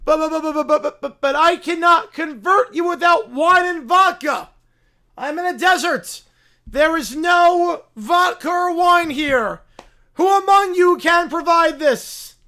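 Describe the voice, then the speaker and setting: A fanatical young bear preacher bellows orders in a high, strained voice, declaiming every line like a sermon, as a man puts him on. The delivery is loud and drawn out, with pitch climbing well above an ordinary speaking voice. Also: unhurried, exaggerated voice. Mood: zealous preaching. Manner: booming, declaiming sermon-like commands.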